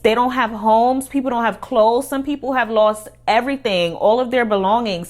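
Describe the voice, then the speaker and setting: A woman's voice: fairly high pitch, normal speed, few pauses. Earnest woman vlogger, casual commentary. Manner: earnest, repeats points for emphasis.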